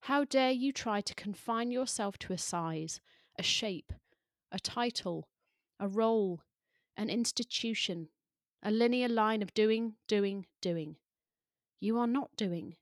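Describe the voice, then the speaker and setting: Slow, soft-spoken woman podcast host. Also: medium pitch, dry recording, clean studio sound. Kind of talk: slow, measured poetry reading.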